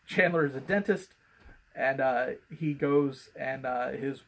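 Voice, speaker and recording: A man's voice: medium pitch, steady tone, slow pace, a bit bright. Man, podcast co-host, casual rambling chat, lots of ums and restarts. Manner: rambling, with many fillers and restarts.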